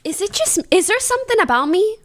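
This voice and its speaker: A woman's voice: very high-pitched, big pitch swings, fast. A young adult woman livestreamer chatting casually with her viewers, giggly and slangy, laughing often. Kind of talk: casual chat to a live stream.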